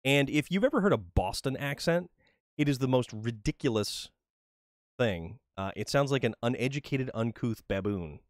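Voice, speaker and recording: A livestream gamer from New England, USA, jokes casually about his gameplay, often repeating words as he starts a sentence. His medium-pitched voice is animated at normal speed, and the recording is dry with clean studio sound.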